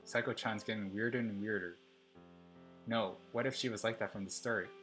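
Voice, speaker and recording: A man's voice: on the low side, steady tone, normal speed, a bit bright, soft background music, natural voice. A man voicing an anxious, kind schoolgirl who narrates her worries from a story game in a plain voice. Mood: uneasy.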